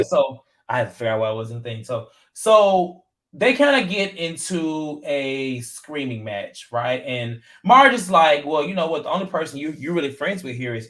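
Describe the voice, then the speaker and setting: A man co-hosting a casual reality TV recap show, talking in a chatty, animated way with lots of fillers and retold quotes. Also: medium pitch. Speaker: podcast co-host.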